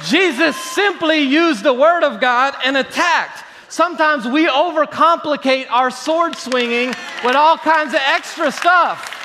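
A man preaching a sermon from a church stage, lively and sometimes mocking showy prayer habits. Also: very high voice, measured pace, few pauses, a crowd in the background, noisy background. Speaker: pastor. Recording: reverberant hall.

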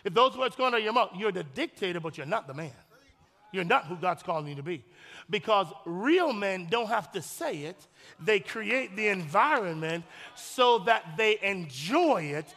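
A male pastor with a strikingly high, gravelly voice delivers a sermon with forceful, bright energy. He talks straight to the congregation, hammering his points through repetition and folksy humor. His voice rings out with a long reverb, as in a large church sanctuary. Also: big pitch swings, normal speed. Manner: emphatic, repeats phrases, addresses the congregation directly.

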